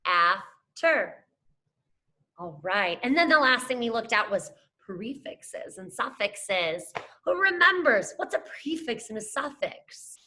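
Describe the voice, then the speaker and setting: Bright, lively woman teaching young children. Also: fairly high pitch, a little slow. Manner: upbeat, encouraging, talks to children as friends. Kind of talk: scripted classroom lesson to camera.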